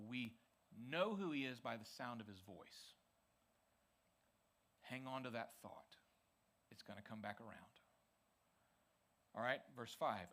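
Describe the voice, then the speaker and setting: Guy preaching to students at church, bright voice, super chatty and energetic, keeps saying okay. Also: medium pitch, normal speed, long pauses. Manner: energetic, conversational, frequent "okay?" check-ins. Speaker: youth pastor. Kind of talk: youth sermon. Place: church youth service.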